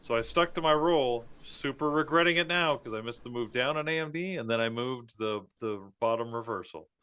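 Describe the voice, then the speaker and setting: This trading-stream co-host has a mid-range voice that sounds pushed, bright, clear and resonant. He talks fairly quickly in rambling live-stream chatter, chuckling at his own jokes.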